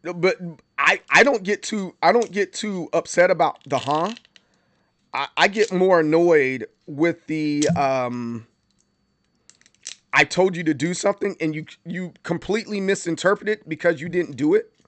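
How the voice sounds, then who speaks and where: A man's voice: on the high side, a little slow, a bit bright. A man hosting a livestream, chatting casually and animatedly, with many stammered restarts and bursts of mock outrage. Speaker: livestream host.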